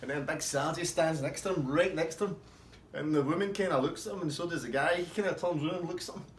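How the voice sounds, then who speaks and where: A man telling a rambling, swearing pub anecdote in a casual, animated way. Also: fairly high pitch, fast, a little hiss or hum. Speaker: storyteller. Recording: roomy with faint ambience.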